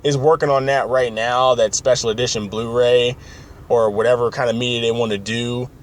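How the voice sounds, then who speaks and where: A man's voice: medium pitch, fairly even intonation, normal speed, slight background noise. A man hosting a podcast in casual chat, rambling and opinionated with many fillers. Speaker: podcast host.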